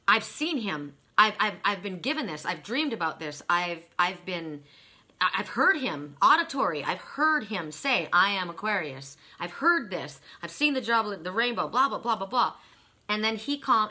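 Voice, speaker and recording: Her voice medium-pitched, pushed, and bright, a middle-aged tarot and oracle reader delivers a relaxed spiritual reading monologue. She rambles through stories, often restarting and wandering into asides.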